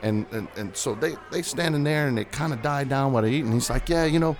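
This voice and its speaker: A man's voice: mid-range voice, fairly quick. A man hosting a podcast, telling rambling stories in casual chat. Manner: rambling storyteller, animated. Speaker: podcast host.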